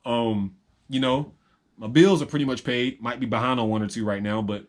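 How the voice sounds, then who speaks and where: Man rambling reflectively to camera. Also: mid-range voice. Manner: reflective, halting, with many ums and restarts. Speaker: vlogger and reseller. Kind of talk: rambling personal vlog.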